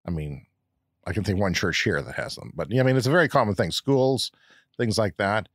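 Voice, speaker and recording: A Canadian podcast co-host with a fairly low voice talks fairly quickly, reading news and letters in a wry, joking way during casual podcast chat. The sound is studio quality with no echo.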